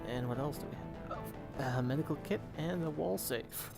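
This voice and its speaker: A man's voice: a little high, measured pace, gravelly, darkish tone, faint music behind. A man hosting a let's play, giving rambling, casual gameplay commentary with the odd swear.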